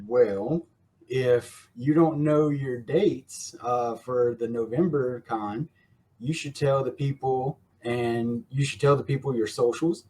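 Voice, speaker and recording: A man's voice: mid-range voice, slow, a little mellow. A man hosting a podcast, chatting in a friendly, rambling way. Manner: friendly, rambling, laughs often. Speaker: podcast host. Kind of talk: casual podcast chat.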